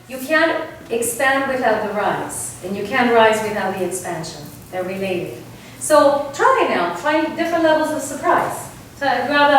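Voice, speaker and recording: A woman vocal coach from Argentina leads a singing workshop, teaching in a lively way and often checking in with "right?". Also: fairly high pitch, slight background noise. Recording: distant mic in a very echoey room.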